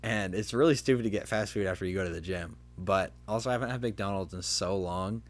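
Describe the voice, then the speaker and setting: A man's voice: low-pitched, a little fast. A young adult man hosting a podcast, telling a rambling story in casual chat with lots of fillers. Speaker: podcast host.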